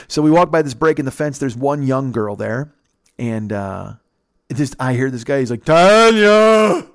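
A man's voice: medium pitch, normal speed, vocal fry, dry recording, studio quality. A man hosting a podcast, telling a story in a casual, rambling, profane way. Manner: profane, rambling, laid-back. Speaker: podcast host.

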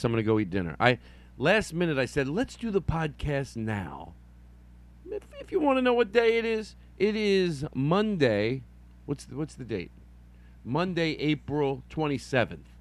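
Rambling, lively-voiced male podcast host. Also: mid-range voice. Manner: meandering, self-mocking, playful silly voices. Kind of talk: rambling improvised solo podcast.

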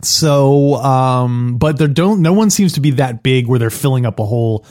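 A man's voice: medium pitch, normal speed, darkish tone. A man co-hosting a podcast, chatting casually and rambling, with many restarts and laughs. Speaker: podcast co-host. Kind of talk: casual chat.

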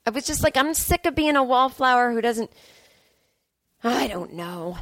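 Her voice sits high and moves fairly quickly as she tells a meandering, self-mocking story on her own podcast. This comedian animatedly quotes herself throughout the casual monologue, recorded without room sound.

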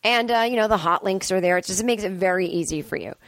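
A woman's voice: medium pitch, quick pace, no echo. Sarcastic, swearing woman comedian ranting. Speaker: comedian and podcast host. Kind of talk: casual solo monologue. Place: at home.

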